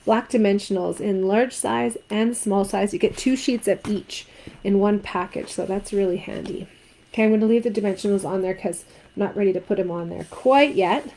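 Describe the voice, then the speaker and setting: A woman's voice: medium pitch, normal speed, warm tone, a little hiss or hum, poor audio. A woman from Canada teaching a card-making craft tutorial, chatting and asking viewers what they think. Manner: chatty, asks viewers questions.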